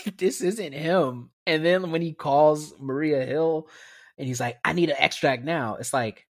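A man co-hosting a podcast in casual chat, telling his story in an animated, slangy way and laughing often. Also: medium pitch, dry recording, clean studio sound. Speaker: podcast co-host.

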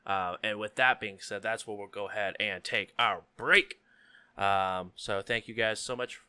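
A man narrating a tabletop game as game master, relaxed and full of ums and likes. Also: lowish voice, unhurried, smooth, no echo.

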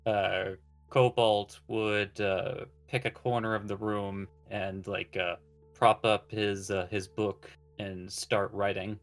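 A woman with an unusually deep, low voice describing her character's actions in a tabletop game. She speaks slowly and hesitantly, pausing on fillers. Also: flat delivery. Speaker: player. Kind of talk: tabletop role-play chat.

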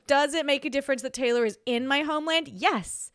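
A young Australian woman talks on her own podcast in a loose, rambling way, laughing often and restarting her sentences. Her voice sits fairly high, and the recording is close and dry, with no room sound. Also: fairly quick, a bit bright, no room sound. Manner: chatty, giggly, rambling with restarts. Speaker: podcast host. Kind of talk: casual solo chat.

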